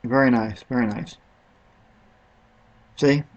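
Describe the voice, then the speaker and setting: A man's voice: mid-range voice, fairly even intonation, slow pace, highs cut off. A man talking casually and a little ramblingly over a product comparison, unsure of some words as he goes. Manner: offhand, rambling, unsure of pronunciations. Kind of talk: casual screen-recorded commentary.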